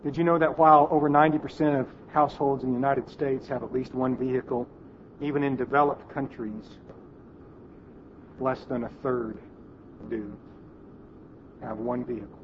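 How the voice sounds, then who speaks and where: A man preaching a sermon in an auditorium, telling a story and dropping to a hush at its emotional moments. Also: mid-range voice, steady tone, normal speed, long pauses, dull audio, slight background noise.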